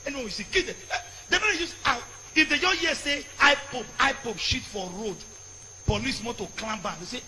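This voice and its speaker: A Nigerian priest preaching a fiery sermon, shouting in bursts and slipping into Pidgin. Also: male voice, very high-pitched, fairly quick, a little hiss or hum. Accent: Nigerian, mixing in Pidgin. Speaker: Catholic priest. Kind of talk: impassioned sermon.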